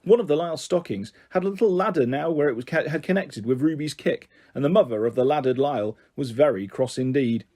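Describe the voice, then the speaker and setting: Husky-voiced man reading a storybook. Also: on the high side, a little fast, few pauses, mellow. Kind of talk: children's book reading.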